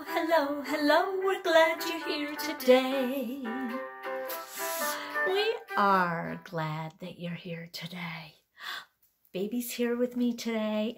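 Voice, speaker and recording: A woman leading toddler rhyme time at the library, her high voice leaping all over in a sing-song way. She speaks slowly and gently, playing along with a baby doll. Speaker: library storytime leader.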